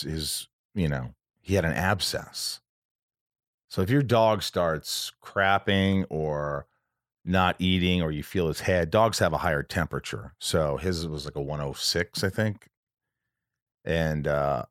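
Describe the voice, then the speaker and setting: Podcast host, male, very low voice, dry close sound, rambling and emotional. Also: no room sound. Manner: emotional, rambling, does quick voices of friends. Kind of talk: casual chat.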